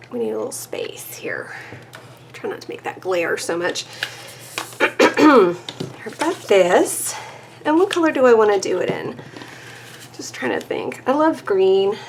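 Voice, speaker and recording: A woman's voice: a little high, slight background noise. A chatty, self-deprecating woman giving a casual papercraft tutorial, laughing often and a little out of breath. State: a bit out of breath. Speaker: papercraft demonstrator.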